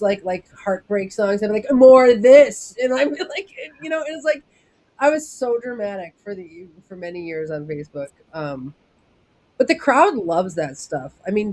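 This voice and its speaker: A woman's voice: mid-range voice, darkish tone. Chatty woman producer running a meeting. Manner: chatty, full of "like" fillers, acts out quotes. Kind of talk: casual meeting chat.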